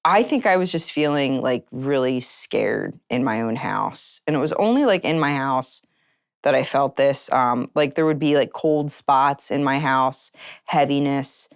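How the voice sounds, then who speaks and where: A woman's voice: extremely low pitch, expressive, a little slow, creaky, no room sound, studio quality. A woman telling her personal story in an interview, earnest and acting out remembered conversations. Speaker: interview guest.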